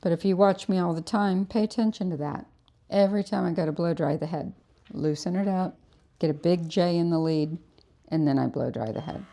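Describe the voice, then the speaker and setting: Her voice is fairly low and warm, with vocal fry, and she talks fairly quickly. This woman is a dog groomer in a salon, explaining her methods in an instructional demo while she coaxes and praises the dog she's grooming.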